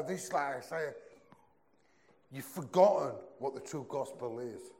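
A young man preaching a sermon in a conversational, earnest way, often dropping into a low, soft voice. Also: measured pace, vocal fry, long pauses.

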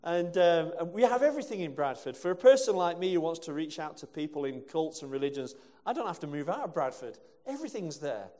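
A man's voice: fairly high pitch, sing-song, fairly quick, hardly any pauses, warm tone. A male preacher from England giving a conversational sermon with rhetorical questions and asides. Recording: long hall reverb.

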